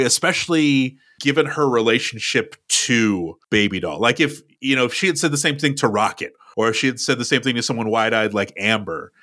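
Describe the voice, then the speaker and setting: A man's voice: mid-range voice, sharp tone. A man co-hosting a movie podcast, laying out careful, analytical arguments in casual chat. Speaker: podcast co-host.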